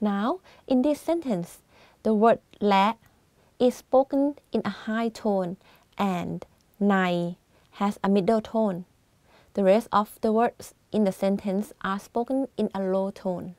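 A woman hosting a scripted language lesson, explaining tones in a clear, careful teaching voice. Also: medium pitch, normal speed, darkish tone, no room sound.

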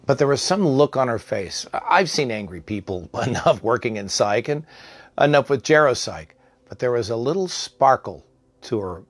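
A man who worked in psych care, telling a personal story in a conversational, halting way with fillers and restarts. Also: fairly low pitch, no echo. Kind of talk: personal anecdote told aloud.

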